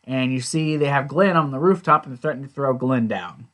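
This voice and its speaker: A man's voice: medium pitch, a little fast, a bit bright. A man casually recapping and reviewing a TV episode, rambling along with lots of "you know" and "like".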